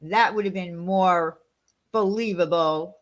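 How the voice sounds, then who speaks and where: A woman hosting a channel in a casual livestream chat. She talks in an animated, indignant, gossipy way. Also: on the low side, takes it slowly, highs cut off. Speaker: channel host.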